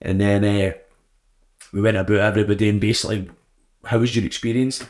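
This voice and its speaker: A man's voice: fairly low pitch, flat delivery, a little fast, a little mellow. A young man chatting casually and bluntly on his podcast, swearing freely as he tells a story. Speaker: podcast host. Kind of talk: casual solo chat.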